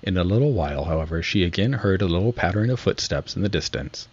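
A man reads a storybook aloud in a steady, measured way. His voice is deep and husky. The recording sounds slightly muffled. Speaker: narrator. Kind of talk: storybook reading.

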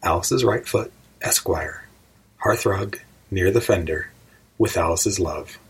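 A man's voice: deep voice, slow pace, slightly rough, heavily acted, poor audio. A man voicing a curious, puzzled young girl who frets and wonders aloud in an audiobook reading. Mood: wondering. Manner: wondering, fretful musing aloud.

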